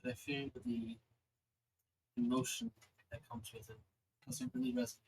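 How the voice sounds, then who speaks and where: A game master voicing an ancient female celestial being who speaks slowly and solemnly. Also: mid-range voice, very animated, a little mellow, breathy edge, voice pushed up, poor audio. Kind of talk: voicing a character in a tabletop game.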